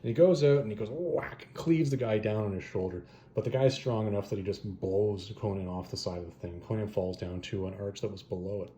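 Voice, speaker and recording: A man casually retelling a fantasy story and reviewing comic adaptations, rambling and animated, correcting himself as he goes. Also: lowish voice, brisk, a little hiss or hum. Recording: roomy echo.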